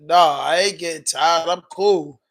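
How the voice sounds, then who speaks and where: A man's voice: on the high side, a little slow, fairly bright tone. A man with a Baltimore accent hosting a casual livestream podcast, talking loosely in slang while answering viewer comments. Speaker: podcast host.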